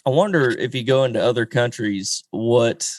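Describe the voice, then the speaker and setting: A man's voice: mid-range voice, moderate pace, dry recording, clean studio sound. A man co-hosting a podcast, mostly reacting with short remarks and questions. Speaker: podcast co-host. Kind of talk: casual chat.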